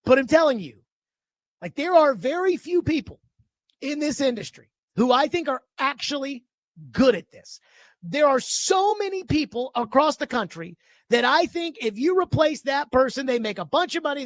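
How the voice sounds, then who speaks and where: Man, sports talk host, animated rant, high-pitched, dry close studio sound. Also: moderate pace, no room sound. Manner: animated, emphatic, indignant rant. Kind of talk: radio talk show monologue. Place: radio studio. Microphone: studio microphone.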